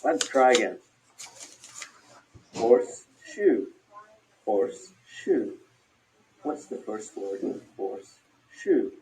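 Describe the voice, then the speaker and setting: Male narrator, very slow and expressive, encouraging teacher tone, recorded off-mic. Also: lowish voice. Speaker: instructional video narrator. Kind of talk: scripted instructional narration. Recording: distant from the mic.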